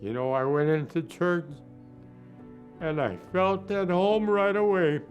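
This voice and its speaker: Man over 100, war veteran, reflective storyteller, slow pace, faint background music. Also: high voice, muffled recording. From Minnesota, United States. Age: 100s. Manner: reflective, acts out remembered dialogue. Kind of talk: documentary storytelling interview.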